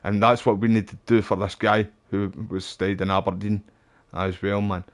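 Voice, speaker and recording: A man's voice: lowish voice, little pitch movement, moderate pace. A Scottish man live-streaming a game, chatting casually and rambling as he talks with his viewers. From Scotland. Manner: chatty, rambling, says "wee", "aye" and "mate".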